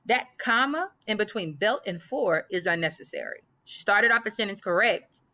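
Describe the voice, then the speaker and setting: A woman's voice: mid-range voice, expressive, normal speed, bright, forceful tone. A woman teaching a grammar lesson, emphatic and reading example sentences aloud. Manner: emphatic, repeats list items aloud.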